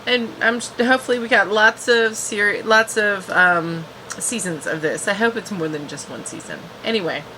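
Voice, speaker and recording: Woman, TV reviewer; casual, rambling recap delivery, bright forward tone. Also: mid-range voice, moderate pace, slight background noise, low-quality recording. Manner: chatty, restarts and fillers.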